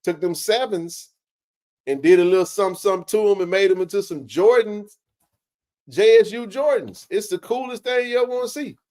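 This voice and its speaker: A man hosts a live sports chat in a relaxed, slang-heavy way. His voice sits a bit high for a man, and he fills his talk with "man" and "bro.". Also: a little fast. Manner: laid-back, slangy, says "man" and "bro" a lot. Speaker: livestream sports show host.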